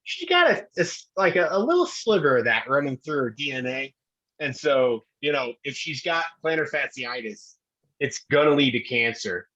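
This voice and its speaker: A man's voice: a little high, very animated, normal speed, bright, forceful tone. A middle-aged man and podcast co-host telling a rambling, self-deprecating story about his son in casual chat. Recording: dull lo-fi recording.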